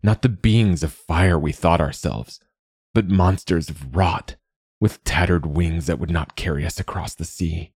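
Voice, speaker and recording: A man voicing a weary, gruff but kind old male swordsman, speaking in a low murmur in a storybook reading. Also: measured pace, darkish tone, no echo, studio quality, full character voice.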